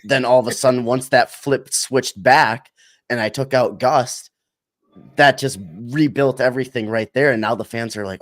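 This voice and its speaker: A man talking as a guest on a podcast in casual chat, relaxed and rambling with lots of fillers. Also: mid-range voice, moderate pace, no room sound, studio quality.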